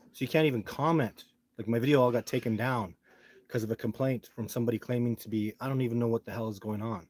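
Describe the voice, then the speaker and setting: A man's voice: medium pitch, a little mellow, no room sound. A man hosting his own live stream, talking casually and complaining in a frustrated, rambling way into a phone held close.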